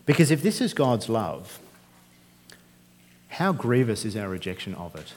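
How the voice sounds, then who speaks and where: A pastor preaches conversationally, often posing rhetorical questions to the congregation, his fairly low voice sing-song and a little slow. The recording carries the long reverb of a church hall.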